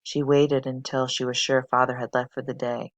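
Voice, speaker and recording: A teacher reading a novel aloud for a fifth-grade class, steady and expressive. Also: mid-range voice, normal speed, no room sound.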